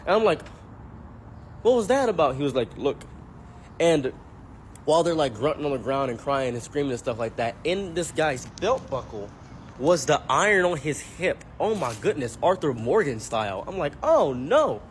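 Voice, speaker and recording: A commentary YouTuber telling a comic story, animated and joking, acting out every character he mentions. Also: on the high side, normal speed, slight background noise. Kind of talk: comedic storytelling.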